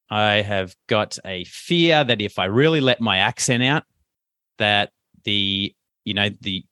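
A man, a coach talking casually as a podcast guest, animated and chatty with plenty of fillers. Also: medium pitch, no echo, studio quality. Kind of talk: casual interview chat.

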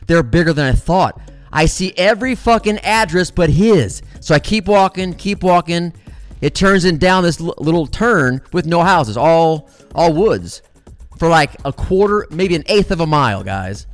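A middle-aged man telling a story in a casual, animated way, swearing freely and calling his listeners guys. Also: on the high side, moderate pace, faint music behind.

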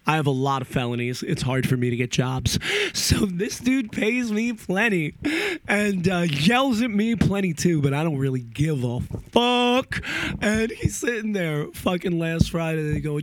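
A young man rambling about guitar pedals in a casual vlog, profane and animated. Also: on the high side, unhurried, no echo.

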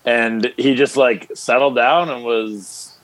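A man with an average-pitched voice chats on a podcast. He talks in a halting way, restarting and stretching out his thoughts as he goes. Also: steady tone, fairly bright tone, no room sound, rough recording. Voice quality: hesitant, halting, drawn-out. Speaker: podcast co-host. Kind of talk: casual chat.

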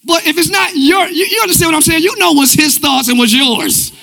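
A man preaching a live church sermon in a casual, energetic way, using everyday slang and talking straight to the congregation. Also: very high voice, brisk, creaky. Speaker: pastor. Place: church sanctuary.

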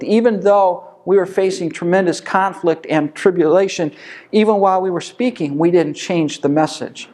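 A man's voice: high voice, steady tone, normal speed, a little mellow. Man teaching an informal Bible study. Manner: conversational, asks rhetorical questions then answers them.

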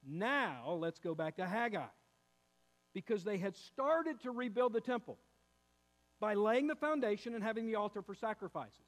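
High-voiced preaching man in reverberant hall. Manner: preaching with rising emphasis, addresses listeners as beloved. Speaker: pastor. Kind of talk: sermon.

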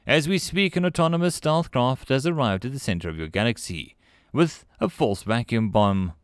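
A man voicing a calm, commanding young human envoy in a sci-fi reading, speaking firmly and deliberately. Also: mid-range voice, no echo, clean studio sound, natural voice. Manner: firm, measured, ultimatum-giving. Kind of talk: audiobook character voice.

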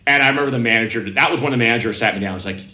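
A man chats casually with a bright, forward tone, looping through his story with restarts and voiced quotes. His voice rings a little in an echoey room. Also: mid-range voice, rapid-fire. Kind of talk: casual chat.

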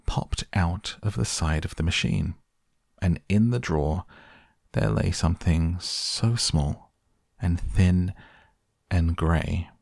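A man narrating an audiobook with measured, expressive storytelling. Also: low-pitched, gravelly, slightly rough, dry recording, clean studio sound.

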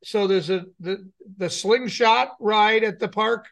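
A middle-aged radio co-host with a high, creaky, fairly bright voice takes his time through a rambling personal story. He acts out what people said in this casual storytelling chat.

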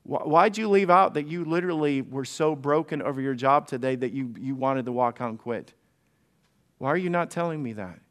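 A man speaking as God, gently asking a believer why they are hiding their true feelings in prayer. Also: medium pitch, a little fast, smooth, voice pushed down, close to an everyday voice. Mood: probing. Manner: probing questions, hushed.

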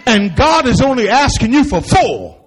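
A male pastor preaching in a high, husky voice that leaps all over the place. He speaks in a folksy way, calling out to the congregation and acting out the voices of the people he quotes. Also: normal speed. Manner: animated preaching with folksy asides and call-and-response. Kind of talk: sermon.

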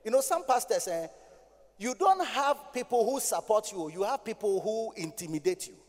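High-voiced Ghanaian preacher in a hall. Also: male voice, expressive, moderate pace. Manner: preaching that swings from low talk to loud shouting, sing-song. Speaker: pastor. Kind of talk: sermon. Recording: hall reverb.

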